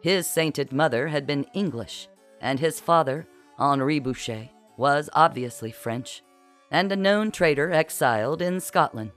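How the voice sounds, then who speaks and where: Wry audiobook narrator, mid pitch, faint music in the back. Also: a little slow, fairly bright tone. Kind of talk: scripted narration.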